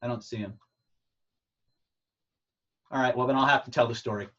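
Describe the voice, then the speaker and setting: A man teaching communication skills in an animated storytelling way, restarting phrases often, over a video call. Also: mid-range voice, moderate pace, recorded from a distance. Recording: dull lo-fi sound.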